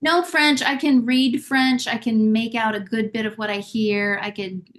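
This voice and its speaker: Woman accent coach on a podcast, calm encouraging advice. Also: on the high side. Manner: warm, encouraging, measured advice. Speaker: accent coach and guest expert. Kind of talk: conversational interview answers.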